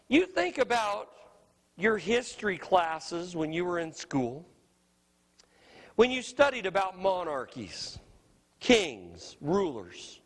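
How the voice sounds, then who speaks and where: A middle-aged male pastor preaches emphatically in a big-sounding room, often asking "you know what?" He swings between loud, high phrases and soft, low ones.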